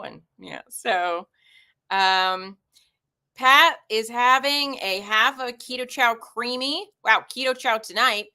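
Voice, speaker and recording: A woman's voice: fairly high pitch, lively intonation, a little slow, pushed and bright. A woman in her forties hosting a casual livestream, chatting and reading viewer comments aloud. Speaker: livestream host.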